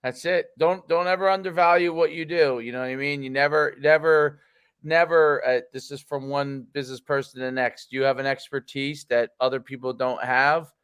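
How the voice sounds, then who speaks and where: A man's voice: mid-range voice, fairly even intonation, moderate pace, fairly bright tone, clear, resonant tone, no echo. A man hosting a podcast interview as a coach, encouraging and emphatic and prone to repeating himself. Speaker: host and coach.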